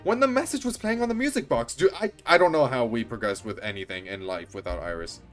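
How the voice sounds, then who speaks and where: A man streaming a game, giving gushing, excited commentary and swearing casually. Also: medium pitch, quick pace, faint music behind.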